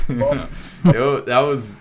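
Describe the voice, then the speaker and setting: A man's voice: medium pitch, slow, slight background noise. A young man hosting a casual livestream chat, laid-back, swearing often, with lots of fillers. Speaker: host, band drummer.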